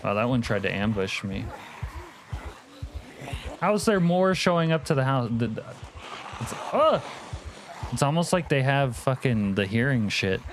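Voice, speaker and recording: A man's voice: mid-range voice, expressive, moderate pace, background noise. A man live-streaming a zombie game, joking, cursing and reading chat aloud. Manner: profane, jokey, reads chat aloud. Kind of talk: casual live-stream commentary.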